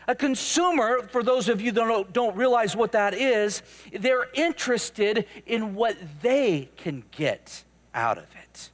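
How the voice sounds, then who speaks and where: A man preaching with a notably high voice, talking to the congregation in a lively, conversational way. He trips over and repeats words as he pushes through his points. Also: measured pace, few pauses. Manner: animated, conversational, stammering restarts. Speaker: pastor. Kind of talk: sermon.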